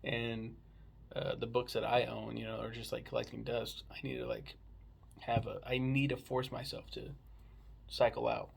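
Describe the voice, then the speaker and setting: A man's voice: mid-range voice, little pitch movement, moderate pace, gravelly, slightly rough. A man casually chatting about a book he read, rambling and swearing freely. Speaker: book reviewer. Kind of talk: casual book review chat.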